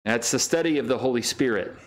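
Middle-aged man, pastor type, casual Bible-study teacher, filler-heavy, average pitch. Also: fast talker. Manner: casual, many fillers and restarts; reads scripture in raised, higher voice.

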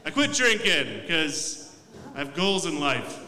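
A man's voice: on the high side, big pitch swings, slow, noisy background. A young man doing a loose, profane, self-mocking stand-up set in a comedy club. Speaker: stand-up comic. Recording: echoey club room mic.

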